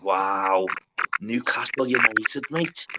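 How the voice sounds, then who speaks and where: A man hosting a casual livestream chat, swearing a lot and talking in quick bursts full of filler words. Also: fairly low pitch, heavy background noise. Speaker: livestream host.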